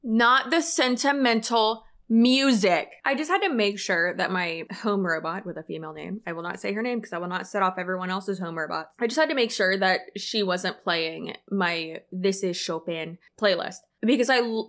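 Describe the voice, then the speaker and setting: A woman's voice: mid-range voice, moderate pace, fairly bright tone. A woman hosting a reaction video, talking sarcastically and with disbelief about a speech she is watching. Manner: sarcastic, incredulous. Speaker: commentary host. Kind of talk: reaction commentary.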